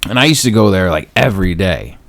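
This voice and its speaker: A man's voice: sits low, animated, fast talker. A man co-hosting a podcast, telling a crude story in casual chat, swearing and laughing often. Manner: profane, laughing, acts out quoted voices loudly. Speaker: podcast co-host. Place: podcast studio.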